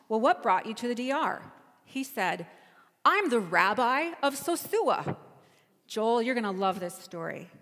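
A woman's voice: on the high side, fairly bright tone, big-room sound. A woman pastor giving a sermon, telling a travel story in a conversational, storytelling way. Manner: storytelling, conversational, self-correcting.

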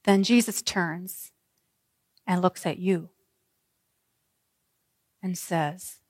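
A woman pastor preaching a sermon, telling the story vividly with dramatic pauses. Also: fairly low pitch, darkish tone, slightly rough. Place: church sanctuary. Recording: reverberant church hall.

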